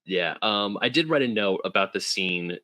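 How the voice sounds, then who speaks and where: Low bright-toned male podcast co-host. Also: moderate pace, no room sound. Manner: animated, jumps into high-pitched quoted voices. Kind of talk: casual chat.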